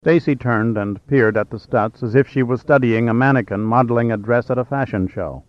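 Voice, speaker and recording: A man narrating a novel as an audiobook reader in a steady, measured way. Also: medium pitch, no room sound. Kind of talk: scripted narration. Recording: slightly dull, dry.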